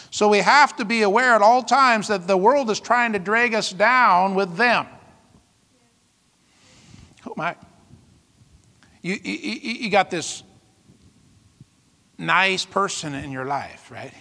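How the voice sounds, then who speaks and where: A male pastor preaching with an emphatic, dramatic delivery, throwing out rhetorical questions and sudden exclamations. His voice sits high and sounds bright and forceful. It rings out with a long reverb, as if in a church hall. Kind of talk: sermon.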